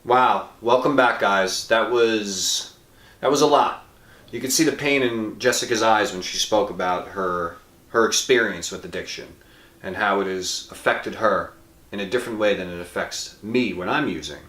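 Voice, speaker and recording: A man hosting a show, speaking earnestly to the camera and speeding up or slowing down for emphasis. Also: lowish voice, fairly bright tone. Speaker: host. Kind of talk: earnest direct-to-camera talk. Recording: roomy echo.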